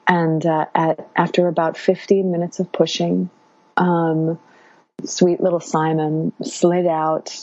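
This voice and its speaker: A woman tells her own story in a low, mellow voice, pausing often with fillers and restarting her sentences. The recording is dry and a little dull. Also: little pitch movement, no room sound. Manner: warm, halting, many fillers and restarts. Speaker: podcast guest telling her birth story. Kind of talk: casual storytelling.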